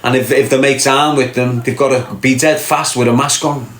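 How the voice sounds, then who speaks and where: A man's voice: mid-range voice, fairly even intonation, a little fast, echoey room. Brash sweary man on livestream. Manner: brash, sweary, mocking banter. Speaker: livestream host reading chat comments. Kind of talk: casual live chat.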